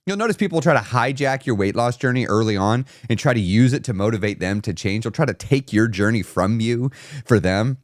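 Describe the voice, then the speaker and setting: A man's voice: mid-range voice, animated, brisk, no room sound, studio quality. A man hosting a weight loss live stream, giving an emphatic, repetitive motivational talk and reading out viewer comments.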